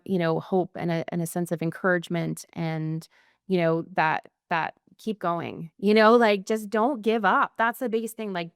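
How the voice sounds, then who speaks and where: A woman's voice: on the low side, clear, resonant tone, dry recording, studio quality. A woman guest on a podcast talking candidly and earnestly, in loose phrases full of fillers. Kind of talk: candid conversational interview.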